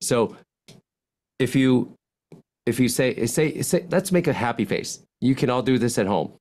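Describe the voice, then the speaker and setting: A man, a physician, giving speaking advice as a podcast guest, animated and lively, swinging his voice up and down and acting out example lines in contrasting tones. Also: measured pace. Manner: animated, swings pitch widely to demonstrate points. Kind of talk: podcast interview, coaching talk.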